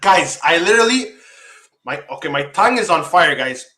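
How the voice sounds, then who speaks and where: A man's voice: a little high, very animated, normal speed, sharp tone, echoey room, slight background noise. A man hosting a livestream show, teary from spicy food, exclaiming, swearing and groaning as he talks to viewers. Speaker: host.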